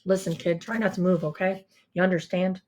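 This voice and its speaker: A woman voicing a gruff, brusque male ambulance worker who gives low, clipped orders. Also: steady tone, a little fast, a little mellow, slight background noise, natural voice.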